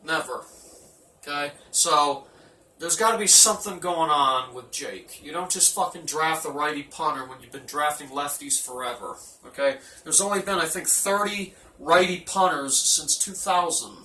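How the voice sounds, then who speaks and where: A man rambles through a profane, mock-gruff locker-room roll call. His voice is bright and fairly high, heard from a distance in an echoey room. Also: moderate pace. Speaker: team manager giving a speech.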